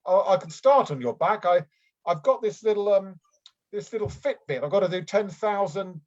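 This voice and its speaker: A flustered aristocrat who rambles, hesitates and trips over his own sentences, as a man improvises him. His voice sits a little high. It comes through a muffled, lo-fi video-call line. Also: expressive, normal speed. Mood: bumbling. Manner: rambling, hesitant, full of ums and restarts. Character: bumbling middle-aged male aristocrat, flustered and unfit. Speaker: improv performer. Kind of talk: improvised comedy scene. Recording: dull lo-fi video call audio.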